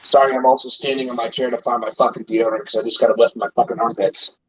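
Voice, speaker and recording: Fired-up guy swearing nonstop, husky high voice, kinda muffled lo-fi sound from his bedroom. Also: level tone, fast, a bit bright. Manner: profane, agitated, ranting. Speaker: co-host. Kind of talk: angry political rant. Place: bedroom at home. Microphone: distant from mic. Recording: dull lo-fi audio.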